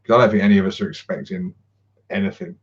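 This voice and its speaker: A man's voice: on the low side, sing-song, fast, dull audio. A man hosting a casual livestream chat, rambling and swearing freely with lots of ums and chuckles. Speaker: channel host.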